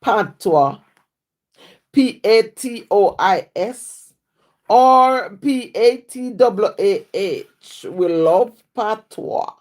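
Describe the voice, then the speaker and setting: A woman's voice: medium pitch, drawn-out words. A woman from Jamaica with a Jamaican accent, a writer reciting her own rhyming poems in a rhythmic patois cadence and chatting casually with viewers on a live stream. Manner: rhythmic rhyming recitation in patois, then relaxed chat with fillers. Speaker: writer and poet.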